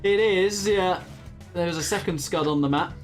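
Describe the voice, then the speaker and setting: A man's voice: sits high, moderate pace, soft background music. A man, casting a strategy game tournament in a chatty, laughing commentary style. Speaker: game caster. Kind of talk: casual esports commentary.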